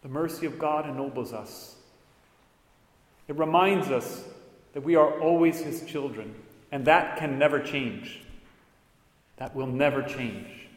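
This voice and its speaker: A priest preaching a sermon, earnest with wry asides, in a church. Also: male voice, mid-range voice, measured pace, long pauses. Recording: echoey hall with long reverb.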